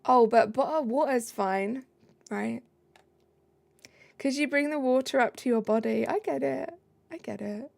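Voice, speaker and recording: A woman's voice: a little high, measured pace, gravelly, long pauses, darkish tone, no room sound. A British woman streaming live, chatting casually and reading out viewer comments. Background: faint background music.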